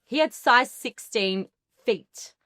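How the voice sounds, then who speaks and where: A woman's voice: on the high side, expressive, slow pace, pushed and bright, dry recording, clean studio sound. A woman in her twenties from Australia, with an Australian accent, chatting as a guest and laughing often, her talk full of "like". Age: 20s. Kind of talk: casual chat.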